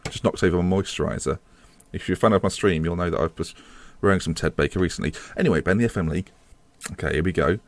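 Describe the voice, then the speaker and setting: A deep-voiced man talks through his football management game in a chatty, self-mocking way. He swears now and then when his side slips up. The recording is dry and close. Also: dry recording. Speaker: gaming video host. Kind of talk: casual game commentary.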